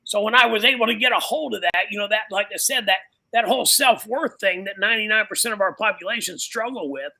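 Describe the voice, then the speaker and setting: A man's voice: sits high, fast talker, few pauses, bright, forceful tone, poor audio. A pastor speaking casually and animatedly, dropping "man" and "you know" into nearly every sentence. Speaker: pastor and biker ministry guest. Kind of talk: casual conversation.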